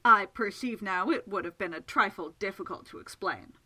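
A woman's voice: mid-range voice, normal speed, bright, forceful tone, no room sound, low-quality recording. A woman voicing a reserved, composed man in an audiobook, speaking in a restrained, dry way.

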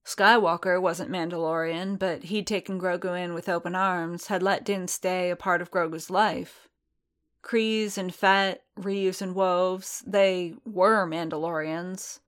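A woman reads a piece of fiction aloud in a calm, measured way. Her voice sits a little low, and she takes her time over each sentence. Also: clear, resonant tone. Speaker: reader.

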